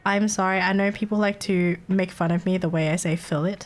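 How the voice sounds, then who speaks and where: A woman's voice: lowish voice, fairly even intonation, brisk, soft background music. A woman with an Australian accent, streaming and chatting casually, giggly and swearing freely. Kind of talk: casual livestream chat.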